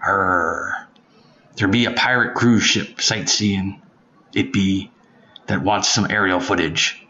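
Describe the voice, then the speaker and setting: A man's voice: low-pitched, slow pace, sharp tone, slight background noise, exaggerated voice. A man voicing a blustery pirate captain, growling his words with lots of arrs, on a dull home recording. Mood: gruff. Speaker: listener asking a question.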